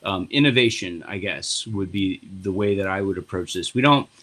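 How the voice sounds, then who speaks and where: A man, a party board member, telling a long story on a podcast in a casual, animated and profane way. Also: low-pitched, moderate pace.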